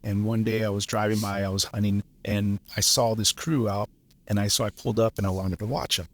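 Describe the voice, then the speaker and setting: A man around fifty, a journeyman lineman and podcast guest, telling stories in a blunt, profane, animated way. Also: fairly low pitch, fairly quick. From Los Angeles area. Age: 50s. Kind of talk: casual storytelling chat.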